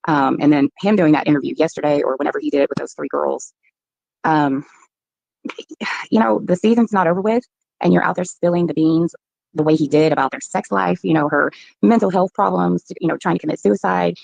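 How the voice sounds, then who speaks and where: A woman's voice: low voice, a little fast, creaky, darkish tone, no room sound, low-quality recording. A woman talking at length as an interview guest, rambling with many fillers.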